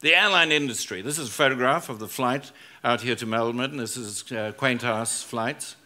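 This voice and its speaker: At a moderate pace, a man with a bright, forceful mid-range voice gives a comic conference talk. A business school professor, he tells stories to the live audience, acts out the lines he quotes and jokes with them.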